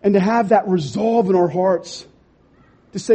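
Young male preacher, husky and fairly high, impassioned sermon delivery with loud and hushed swings. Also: unhurried, long pauses. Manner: impassioned, swings from loud urging to quiet emphasis.

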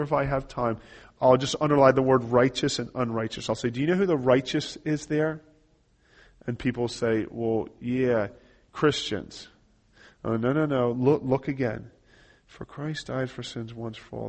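A man teaching how to share a gospel tract, earnestly reading scripture passages aloud and explaining each step. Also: mid-range voice. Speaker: evangelism trainer. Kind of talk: instructional talk walking through a gospel tract.

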